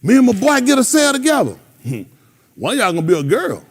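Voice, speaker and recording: A man's voice: very high-pitched, wildly swooping pitch, a little fast, husky. A man hosting a radio talk show, telling stories and giving advice to young listeners, acting out the voices in his stories and laughing often.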